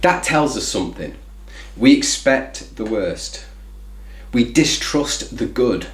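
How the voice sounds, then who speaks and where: A man's voice: mid-range voice, echoey room. A man hosting a reflective faith talk, speaking conversationally with lots of "you know" fillers. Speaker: faith video host.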